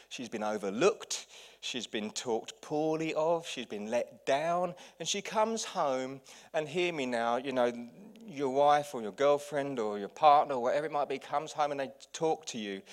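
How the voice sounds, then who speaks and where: Lively pastor preaching. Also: male voice, mid-range voice. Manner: lively and anecdotal, swinging between quiet asides and loud bursts. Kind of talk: sermon.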